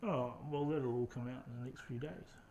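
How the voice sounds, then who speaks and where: A man's voice: mid-range voice, steady tone, moderate pace, highs cut off, crowd noise. A man interviewing someone in a confrontational way, pressing his points persistently.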